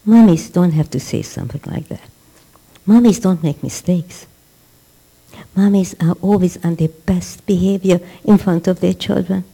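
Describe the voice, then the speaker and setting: A woman teaching a religious class in a warm, mellow voice. She speaks emphatically, repeats key words for stress and acts out the people she quotes. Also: on the low side, gravelly, husky, low-quality recording. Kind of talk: religious lecture.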